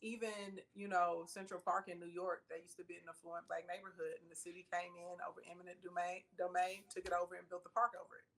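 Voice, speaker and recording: Southern woman guest, chatty and animated, breaks into quick laughs. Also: lowish voice. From Arkansas, USA. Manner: animated storyteller, laughs often, quick bursts. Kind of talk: casual interview chat.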